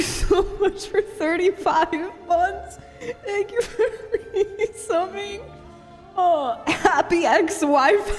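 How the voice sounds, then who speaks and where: Casting: giggly woman streamer, very high and slow-spoken. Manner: giggly, laughs through her words. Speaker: livestreamer. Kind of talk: casual live-stream chat.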